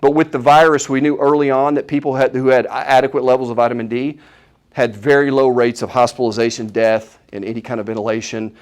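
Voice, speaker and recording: A man giving a live health seminar, opinionated and animated, asking the audience questions as he goes. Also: mid-range voice, fast, clear, resonant tone. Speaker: chiropractor giving a health talk.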